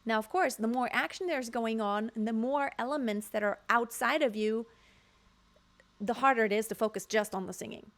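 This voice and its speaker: A woman's voice: fairly high pitch, moderate pace, fairly bright tone. Frank, emphatic woman vocal coach. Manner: frank, emphatic, sings short demonstrations. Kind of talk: casual video commentary. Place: home room near construction noise.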